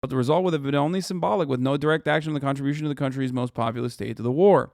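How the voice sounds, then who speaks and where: A male streamer reacts live in a casual, offhand way and swears freely. His voice is smooth and clear, at a middle pitch. The sound is dry and close. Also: very fast, darkish tone, no echo. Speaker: streamer host.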